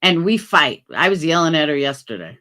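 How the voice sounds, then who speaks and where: In a casual stream, a woman reads comments from her audience and fires back blunt answers laced with swearing. Her pitch swings widely as she lurches from low mutters to loud outbursts.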